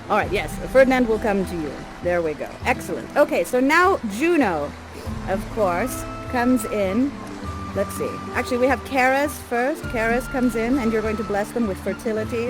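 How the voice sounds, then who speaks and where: A woman hosting a live interactive theater show, coaxing and directing the audience in a playful, warm way over background music. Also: on the high side, animated, brisk. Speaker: immersive theater performer and guide. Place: virtual reality theater show.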